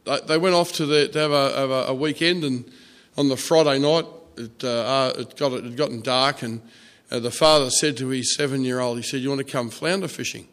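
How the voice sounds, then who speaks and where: A man preaching a sermon, telling a story softly with fillers and restarts. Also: mid-range voice, steady tone. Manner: storytelling, soft and halting with fillers.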